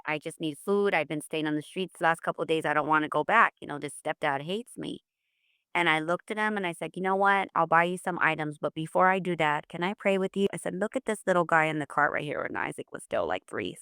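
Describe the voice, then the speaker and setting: A woman's voice: fairly low pitch, bright, forceful tone, clear, resonant tone, no echo, studio quality. A middle-aged woman, a mother, telling her family's story in a podcast interview, earnest and full of faith. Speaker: guest, mother of an autistic son.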